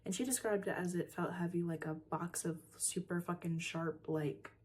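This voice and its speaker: Chatty, swearing woman with a mellow low voice. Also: steady tone, moderate pace, a little hiss or hum. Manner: chatty, swears often, many fillers. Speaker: podcast reviewer. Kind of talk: casual episode recap.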